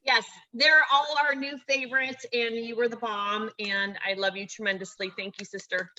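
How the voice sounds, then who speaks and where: A woman's voice: on the high side, flat delivery, normal speed, sharp tone, lo-fi sound, slight background noise. A woman hosting a comedy night over a video call, chatting loosely and joking. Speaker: event host.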